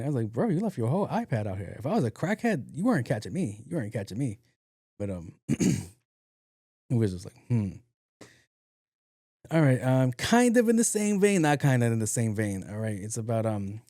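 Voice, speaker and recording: A man's voice: medium pitch, no echo, studio quality. A young man hosting a podcast, telling a story in a casual monologue, acting out both sides of a conversation and swearing freely. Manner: animated, acts out dialogue, swears freely. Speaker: podcast host.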